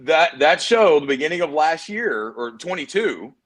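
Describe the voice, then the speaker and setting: A middle-aged man from Texas, a guest on a video-call chat show, telling stories in a hammy, animated way and acting out what others said. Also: on the high side, moderate pace. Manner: animated storyteller, hammy, acts out quotes. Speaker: guest, PDR trainer. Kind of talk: casual chat.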